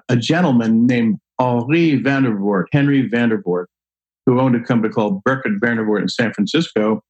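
An older man telling a long personal story in a casual, animated way, acting out the voices of people he quotes. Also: medium pitch, rough recording. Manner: animated, acts out quoted voices, laughs often. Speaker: guest storyteller.

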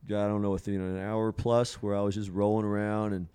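A man's voice: on the low side, level tone, brisk, warm tone, smooth. A man telling a personal story in casual conversation, rambling with many fillers and frequent laughter. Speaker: podcast guest sharing a psilocybin experience.

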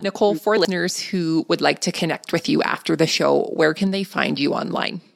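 A woman's voice: deep voice, a little fast, vocal fry, no echo, studio quality. A woman with a Canadian accent hosting a podcast interview, asking questions and encouraging her guest. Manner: warm, encouraging, affirming. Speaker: podcast host.

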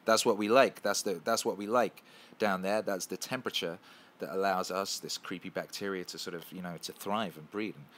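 A man's voice: sits low, fairly even intonation, fairly quick, a bit bright, slight background noise. A man voicing creepy bacteria-like inner creatures that grumble with indignation. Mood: grumbling. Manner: indignant, profane.

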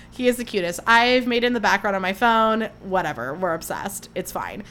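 A woman's voice: medium pitch, very animated, brisk, few pauses, a bit bright. A young woman hosting a casual solo podcast, telling chatty, gushing stories and acting out what people said. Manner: chatty, gushing storyteller who acts out quotes. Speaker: podcast host.

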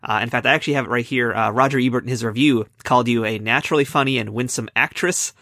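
A man's voice: mid-range voice, steady tone, quick pace, pushed and bright, no room sound, studio quality. A man from the United States hosting an interview podcast, enthusiastic and full of praise for his guest. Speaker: podcast host. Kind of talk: casual interview chat.

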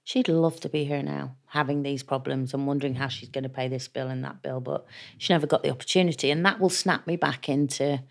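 A woman's voice: a bass voice, fairly even intonation, fairly quick, vocal fry. A woman guest in a candid interview, talking chattily and acting out the voices of people she quotes. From England.

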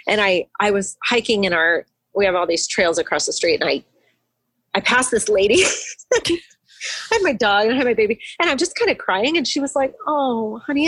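A woman's voice: mid-range voice, a bit bright, slightly rough, no echo. A woman guest on a podcast, a hospitalist, chatting casually and telling stories with frequent laughs. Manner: chatty, laughs often, emotional storytelling.

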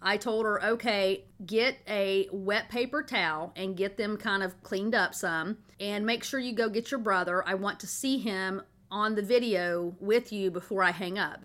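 A woman's voice: medium pitch, normal speed, few pauses, a bit bright. A middle-aged woman, hosting a podcast and telling a family story in a chatty, folksy way. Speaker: podcast host.

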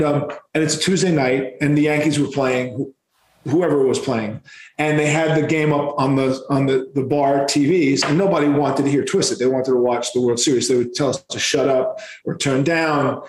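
A rock musician telling tour stories in a casual, animated and profane way. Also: male voice, mid-range voice, roomy sound, slight background noise, poor audio. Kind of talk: casual storytelling.

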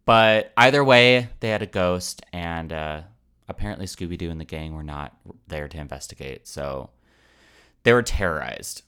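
A young man with a deep, low-pitched voice that sounds smooth and resonant. He hosts a podcast and tells a folklore tale in a relaxed chat, slipping in jokey asides along the way. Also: normal speed. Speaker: podcast host. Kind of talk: casual storytelling chat.

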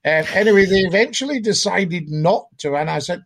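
An older man from Scotland spins comic anecdotes on a podcast in a high, husky voice. He tells his stories theatrically, playing up every joke. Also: fairly quick, hardly any pauses, fairly bright tone. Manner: theatrical, jokey storyteller. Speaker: podcast guest. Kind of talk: comic storytelling chat.

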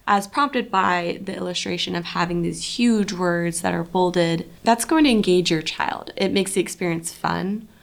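Young woman podcast host with gravelly fry. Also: fairly low pitch, measured pace, hardly any pauses. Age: young adult. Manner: animated, bursts into dramatic read-aloud voices. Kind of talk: instructive podcast talk for parents. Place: empty recording studio.

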